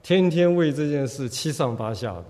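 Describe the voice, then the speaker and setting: A man's voice: mid-range voice, expressive, a little mellow. Male preacher, earnest, stops so his interpreter can follow, long hall echo. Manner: earnest, pauses for translation, drops in English words. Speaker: pastor. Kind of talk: sermon with interpreter.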